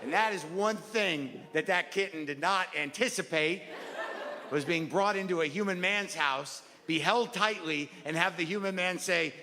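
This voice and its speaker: A man's voice: high voice, normal speed, noisy background. A male stand-up comedian, rambling and neurotic, self-deprecating and profane, seated on a stage before a live audience. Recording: live hall recording with crowd laughter.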